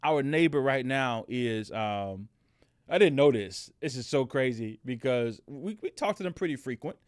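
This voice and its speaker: A man's voice: medium pitch, expressive, moderate pace, dry recording, studio quality. A middle-aged man hosting a motivational podcast, telling a story in a casual way with many fillers and restarts. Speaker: podcast host.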